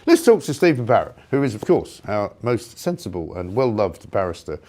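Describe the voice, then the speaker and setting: A man hosting a live talk show, delivering a sarcastic, indignant opinion rant with loud outbursts. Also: fairly low pitch, big pitch swings, normal speed.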